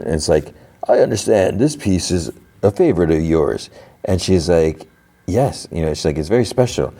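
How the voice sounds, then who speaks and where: A man's voice: deep voice, mellow. A man hosting a podcast, casually recapping a TV episode in a rambling way, full of "like" and acted-out quotes. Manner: rambling, filler-heavy retelling with quoted lines. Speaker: podcast host.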